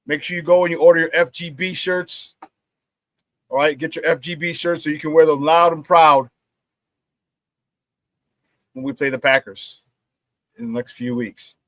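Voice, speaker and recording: On his casual sports talk show, the host promotes merchandise and spins animated stories, acting out whatever he quotes. His voice is a little high, and the recording has no room sound.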